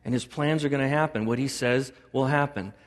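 A middle-aged man preaching a sermon to a congregation as pastor, animated, joking and acting out little dialogues. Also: fairly quick, long reverb tail. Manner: animated, acts out dialogue with God in a higher voice; jokes and laughs with the congregation.

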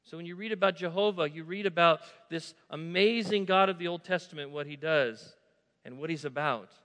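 A man preaching a sermon, moving from soft asides to loud, emphatic declarations. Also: a little high, fairly quick. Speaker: pastor. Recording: long hall reverb.

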